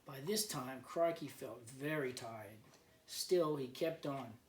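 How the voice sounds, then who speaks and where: Teacher reading a picture book aloud. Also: male voice, mid-range voice, slow, far from the mic, slight background noise. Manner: gentle storyteller who explains words for kids. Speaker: teacher, guest reader. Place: at home, remote learning. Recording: echoey room, voice off-mic, faint background.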